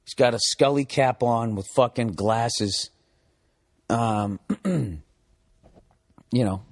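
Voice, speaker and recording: A man's voice: medium pitch, slow, darkish tone. A man hosting his podcast, telling a story in a casual, comedic way. He swears a lot, sounds exasperated, and acts out both sides of an argument. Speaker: podcast host.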